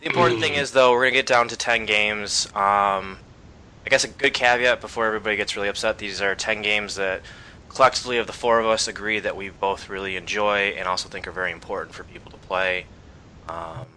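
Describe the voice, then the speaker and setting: A man's voice: on the low side, a little fast, slight background noise, poor audio. A man hosting a casual game podcast panel, talking loosely with lots of fillers. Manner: relaxed, rambling with fillers. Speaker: podcast host.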